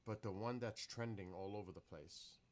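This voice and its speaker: A man's voice: on the low side, normal speed, darkish tone. A man chatting casually on a live stream, rambling, swearing freely and bursting into laughs. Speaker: livestreamer.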